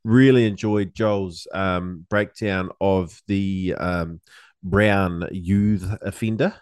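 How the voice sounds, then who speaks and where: A man's voice: sits low, fairly even intonation, slow, clean tone, dry recording, studio quality. A man co-hosting a podcast in casual chat, laid-back and sweary with lots of ums. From New Zealand. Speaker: podcast co-host.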